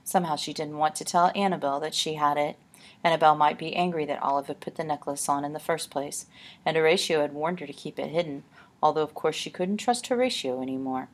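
A woman narrates an audiobook in a calm, measured storytelling manner. Her voice is on the lower side and slightly husky.

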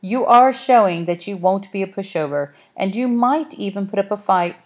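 A woman's voice: mid-range voice, expressive, normal speed, lightly acted. A woman reading the part of a haughty, brusque talking cat, with a dry, clipped, condescending manner in a storybook. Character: haughty brusque orange tomcat guide.

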